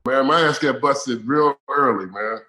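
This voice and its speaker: A man from Indiana, USA, who used to play pro basketball, is a guest in a casual interview. He tells anecdotes in an animated way and laughs often. His voice is mid-range and a little slow.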